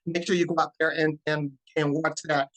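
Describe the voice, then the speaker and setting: A man's voice: on the high side, level tone, moderate pace, fairly bright tone, low-quality recording. A man hosting a talk show in a chatty style, often answering his guest with "yes" and "that's right". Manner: affirming, call-and-response. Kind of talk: casual talk-show chat.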